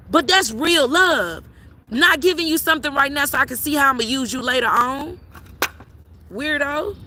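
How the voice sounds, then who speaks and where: A woman's voice: high voice, a little hiss or hum. Blunt, profane woman ranting outdoors. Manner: blunt, profane, animated storytelling. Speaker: tarot reader. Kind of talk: casual vlog rant. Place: outdoors in a cemetery.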